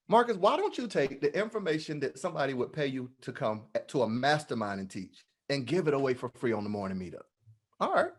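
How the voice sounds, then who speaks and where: A man speaking as a guest at an online meetup, giving a playful, preacher-like motivational talk. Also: high voice. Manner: animated, playful, preacher-like delivery. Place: online meeting.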